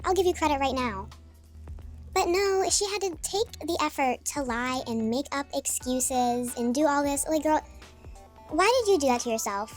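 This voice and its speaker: Young woman with a high voice venting in a storytime vlog, sassy and exasperated, faint music behind. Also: a little mellow. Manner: chatty, exasperated, sassy asides. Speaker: vlogger.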